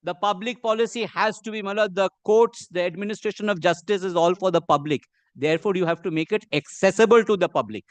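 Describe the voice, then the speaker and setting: A man with an Indian English accent, arguing a case before a judge in measured, deferential courtroom speech. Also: sits high, dry recording. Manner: measured and deferential, says "my lord" constantly. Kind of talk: formal courtroom argument.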